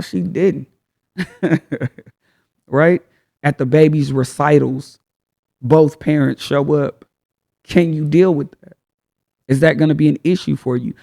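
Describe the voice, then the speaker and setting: A man's voice: fairly high pitch, vocal fry, dark tone. A man hosting a casual advice talk, speaking frankly in slang and firing off rhetorical questions. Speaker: host.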